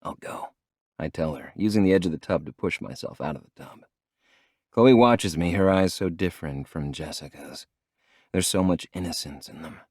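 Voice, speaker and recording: A man reads a first-person romance audiobook in a very deep voice, keeping his delivery low, measured and intimate. The recording is dry and close, with no room around it and no echo.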